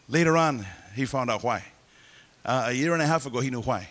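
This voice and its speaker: A man telling his life story as a testimony in a sermon, animated and acting out the voices of people he quotes. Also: mid-range voice, brisk, pauses often. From California. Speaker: preacher giving testimony.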